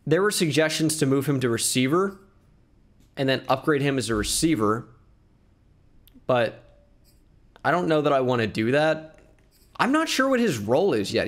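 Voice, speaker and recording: A man giving excitable video game commentary, thinking aloud with bursts of hype. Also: medium pitch. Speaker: gaming YouTuber.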